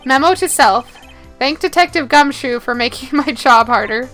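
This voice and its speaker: A woman's voice: sits high, normal speed, fairly bright tone, faint music behind. A woman streamer reading a game aloud live, with chatty asides and laughs.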